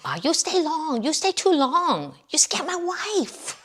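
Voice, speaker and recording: A woman playing a shrieking, angry male buffet owner in a clipped, shrill mock accent. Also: very animated, a little slow, fairly bright tone, heavily acted. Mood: yelling.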